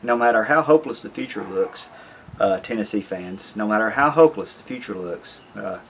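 A man's voice: fairly low pitch, expressive, fairly quick, creaky, a bit bright, a little hiss or hum. A man talking casually to camera in a rambling, folksy way, repeating himself as he goes. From American South. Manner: rambling, folksy, self-interrupting. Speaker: YouTube vlogger.

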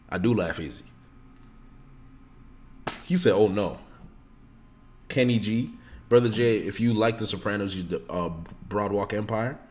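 A man streaming live, chatting casually with his viewers in an excitable, slangy way. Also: lowish voice.

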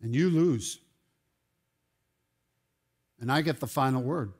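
A man preaching a sermon as pastor, animated and rising to loud exclamations. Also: mid-range voice, slow. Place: church sanctuary.

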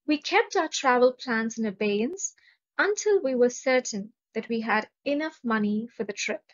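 A woman with an Indian English accent and a somewhat high, expressive voice teaches vocabulary at a moderate pace. She pronounces every word with care and reads example sentences in a slow, deliberate lesson captured on a dull lo-fi recording.

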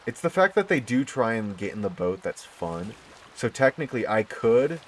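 A man giving casual commentary on his own gameplay, excitable and prone to bursts of delight. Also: medium pitch, normal speed, a little hiss or hum. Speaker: gaming YouTuber.

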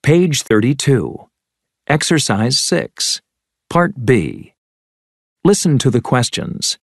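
Slow, measured man reading course instructions. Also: medium pitch, lively intonation, creaky, dry recording, clean studio sound. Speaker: course audio narrator. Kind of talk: scripted textbook audio instructions.

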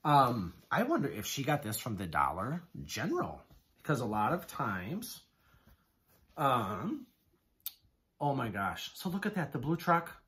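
A man's voice: medium pitch, huge pitch swings, measured pace, a bit bright. Gushing man opening mail on camera. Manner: gushing, exclamatory, keeps repeating "oh my goodness". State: excited, hands shaking. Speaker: haul vlogger. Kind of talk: casual unboxing chat to camera.

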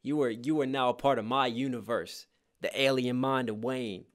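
A man reacting to a rap song and breaking down its lines one by one, with sudden bursts of hype between calm explanations. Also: medium pitch, normal speed, heavy background noise. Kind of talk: casual reaction and lyric breakdown. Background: hip hop track playing faintly.

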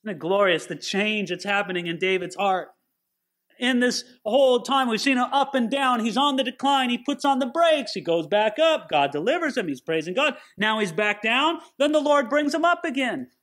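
A man's voice: very high voice, animated, fairly quick, a bit bright. A man giving a sermon-style Bible teaching, earnest and putting questions straight to his listeners.

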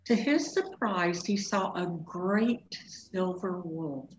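A woman teacher reading a storybook aloud in a slow, expressive way for a lesson. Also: lowish voice, a little hiss or hum. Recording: echoey room, dull lo-fi sound.

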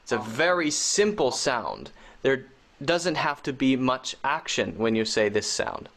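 A man leads a pronunciation lesson over a video call, speaking slowly and with care. He explains each vowel step by step and repeats the sounds so they can be copied. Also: mid-range voice, sing-song, fairly bright tone. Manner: slow, patient explanation with modeled sounds. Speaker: English teacher.

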